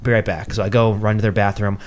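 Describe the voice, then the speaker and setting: A young man from New telling a story in casual chat, swearing freely and acting out quotes in a higher, louder voice. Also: flat delivery, fast talker. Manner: swears freely, acts out quotes with rising pitch.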